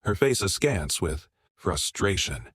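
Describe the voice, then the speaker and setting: Low-voiced man narrating a story. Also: very animated, slow pace, a bit bright, breathy edge, no room sound, studio quality. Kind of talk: first-person story narration.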